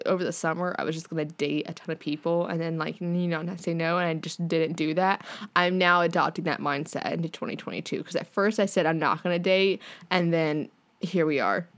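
A woman's voice: fairly low pitch, a little fast. Chatty, swearing woman podcast host. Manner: chatty, swears casually, lots of fillers. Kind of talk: casual chat.

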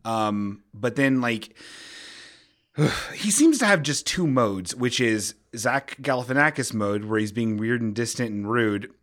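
Animated, rambling bright-voiced man. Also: medium pitch, unhurried. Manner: rambling, animated, self-interrupting with jokey bits. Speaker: podcast host. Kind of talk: casual comedic podcast chat.

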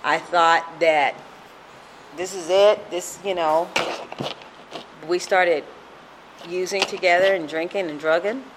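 A woman's voice: on the low side, steady tone, slow pace, long pauses, background noise. A middle-aged woman sharing a personal recovery testimony in an earnest storytelling manner, acting out the voices she quotes.

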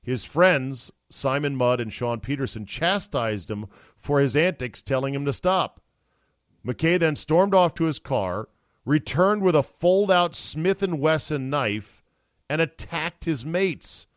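A man's voice: on the high side, expressive, takes it slowly, no room sound. Dry, profane podcast host man. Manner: profane, jokey storytelling. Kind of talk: casual chat.

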